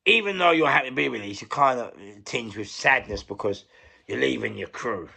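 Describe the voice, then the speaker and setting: A middle-aged London man with a deeply gravelly voice and a bright, forceful edge tells his story in an interview. He rambles, circles back on the same words and swears freely, and he keeps stopping to search for what to say. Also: lively intonation, brisk. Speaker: interview guest, former prisoner.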